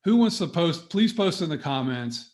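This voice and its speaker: A middle-aged man coaching business owners on a webinar, talking straight to his audience in an energetic, motivational way. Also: a little high, moderate pace. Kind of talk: webinar presentation.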